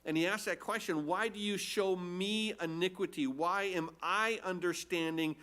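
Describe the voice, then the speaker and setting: A man's voice: high voice, fairly even intonation, normal speed, a bit bright. A man preaching a sermon as a pastor, teaching earnestly and emphatically through scripture with rhetorical questions. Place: church.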